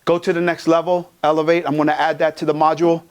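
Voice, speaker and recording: Guy from california hyping up a conference crowd, cusses a lot, pretty high voice. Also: quick pace, clean tone. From Pomona, California. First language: Tongan. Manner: energetic, profane, joking with the crowd. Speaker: keynote speaker. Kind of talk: motivational keynote. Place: conference hall.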